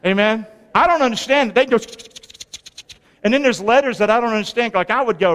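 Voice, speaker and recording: A man preaching a lively, folksy sermon in a church, calling the congregation to answer back. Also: extremely high pitch, fairly quick. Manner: folksy, call-and-response preaching. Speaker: pastor. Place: large church sanctuary. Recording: long reverb of a large hall.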